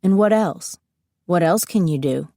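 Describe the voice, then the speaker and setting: A woman voicing a stunned, gentle young man in an audiobook, asking halting, disbelieving questions. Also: fairly low pitch, animated, no echo, clean studio sound.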